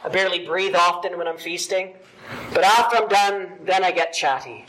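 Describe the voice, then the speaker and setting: A male pastor preaching a sermon with emphatic, animated delivery and big swings in loudness. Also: sits high, moderate pace, a little hiss or hum, low-quality recording.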